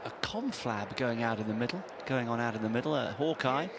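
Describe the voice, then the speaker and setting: Man anchoring a tennis broadcast, mid-pitched, steady and informative, light outdoor hum behind. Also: brisk. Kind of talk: live sports broadcast chat.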